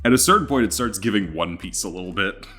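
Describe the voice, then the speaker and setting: A man's voice: on the low side, animated, quick pace, bright, forceful tone, faint music behind. Guy hosting an anime podcast, jokey, laughs a lot, casual chat. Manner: joking, laughs easily. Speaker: podcast host.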